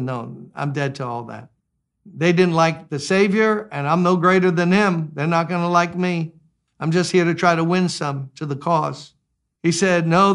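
A man in his sixties preaching a sermon, animated, swinging between loud exclamations and quiet asides. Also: on the high side. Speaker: pastor.

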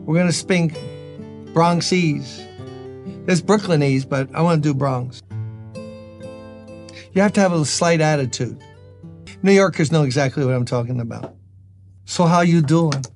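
A man with a strong New York accent preaches a daily devotional in a high, bright-pitched voice. He jokes with listeners between readings, then turns earnest over the scripture. Soft guitar plays faintly underneath. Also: unhurried, pauses often. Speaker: senior pastor. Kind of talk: devotional sermon.

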